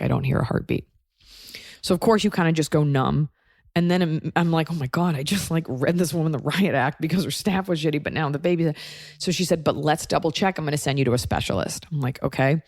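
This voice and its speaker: A woman's voice: low voice, creaky, darkish tone, no echo, clean studio sound. Wry woman telling a story on a podcast. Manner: wry, conversational, acts out quoted voices. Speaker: podcast host. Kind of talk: comedic storytelling monologue.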